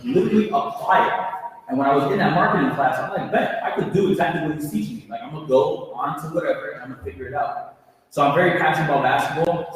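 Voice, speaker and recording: A young man in his twenties giving a casual, energetic motivational talk to students, telling his own story. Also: mid-range voice. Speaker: alumni speaker. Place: large echoey hall. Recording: echoey hall from far off.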